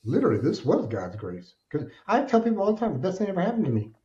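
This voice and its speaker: A man speaking as a podcast guest, telling his life story in an animated, emphatic way. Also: high-pitched, quick pace, lo-fi sound. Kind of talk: candid storytelling interview.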